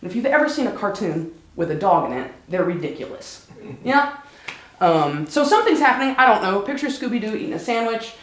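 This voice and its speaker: A speaker telling a personal story live on stage, chatty and lightly humorous, slowing down at emotional moments. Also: mid-range voice, big pitch swings, roomy sound, rough recording. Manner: conversational, warm-humored, slows down for emotional moments.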